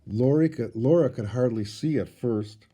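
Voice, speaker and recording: A man, a teacher, reading a storybook aloud with expressive storytelling. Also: medium pitch, moderate pace, breathy edge.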